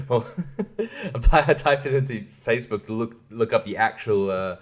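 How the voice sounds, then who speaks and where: Male podcast host, mid-pitched, foul-mouthed ranter who laughs at his own points. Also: expressive, moderate pace. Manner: profane, ranting, laughs often; drops to hushed asides. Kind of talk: solo podcast rant.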